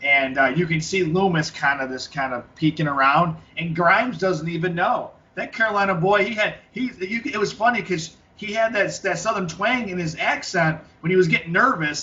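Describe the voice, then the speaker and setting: A man's voice: high-pitched, brisk, hardly any pauses, sharp tone. A man co-hosting a wrestling podcast, chatting casually and rambling with many restarts and fillers. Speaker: podcast co-host. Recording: lo-fi, distant from the mic.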